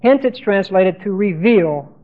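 High-voiced man teaching Scripture, lo-fi. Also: lively intonation, unhurried. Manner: spells out Greek words letter by letter, repeats key terms. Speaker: Bible teacher. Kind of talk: Bible lesson sermon. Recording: tinny phone-like lo-fi recording.

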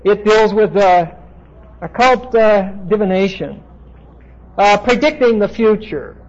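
Man, high voice, Bible lecture, halting with fillers, classroom, dull lo-fi recording. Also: a little hiss or hum. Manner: explanatory, halting with frequent "uh" fillers. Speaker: Bible teacher.

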